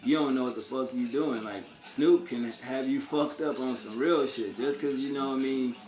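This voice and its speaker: A man's voice: medium pitch, darkish tone. A man vlogging a casual opinion rant, blunt and profane, full of street slang and rhetorical questions. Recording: echoey room with faint ambience.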